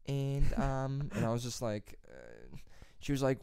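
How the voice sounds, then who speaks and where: A man's voice: medium pitch, brisk, smooth, dry recording, studio quality. A young man in his twenties telling a story in casual chat, acting out the other people's lines and laughing often. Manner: animated storyteller, acts out quotes, laughs often, swears casually.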